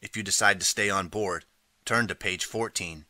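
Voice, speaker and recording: A man reading a choose-your-path storybook aloud in the second person, steady and clear. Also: sits low, normal speed, dry recording. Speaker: audiobook narrator.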